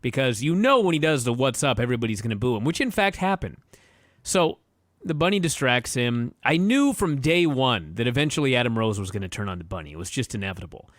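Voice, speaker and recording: A man's voice: medium pitch, big pitch swings, quick pace, no room sound, studio quality. A man co-hosting a wrestling podcast, blunt and opinionated, ranting with casual profanity. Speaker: podcast co-host.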